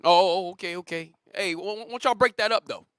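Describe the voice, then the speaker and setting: A man's voice: high-pitched, quick pace, clean tone, no room sound, clean studio sound, close to an everyday voice. A man doing a nosy bossy work supervisor. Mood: suspicious. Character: suspicious male boss breaking up workers.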